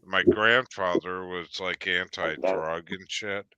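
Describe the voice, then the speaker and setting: A man with a low voice tells a meandering story at an unhurried pace, stopping often for ums and restarts. His voice sounds bright and clear. The recording is dry and close. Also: fairly even intonation, no room sound. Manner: rambling storyteller with many fillers and restarts. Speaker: live stream panelist. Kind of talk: casual chat.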